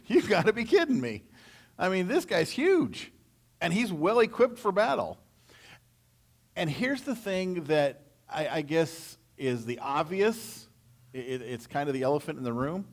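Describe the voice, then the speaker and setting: A man's voice: on the high side, very animated, normal speed. A man leading a casual verse-by-verse Bible teaching, telling it in a folksy, storytelling way with slang and asides.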